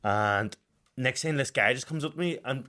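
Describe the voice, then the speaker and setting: A young man co-hosting a casual podcast, spinning a story between bursts of laughter. His voice sits at an ordinary middle pitch, and his easy, chatty delivery marks him as a boxer talking with a friend. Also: moderate pace, sharp tone. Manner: laughs often while telling a story.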